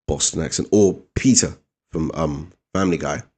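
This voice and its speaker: Low-voiced British man hosting a reaction video, casual and musing. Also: normal speed, darkish tone, slightly rough. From Britain. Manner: musing, chatty, laughs at jokes.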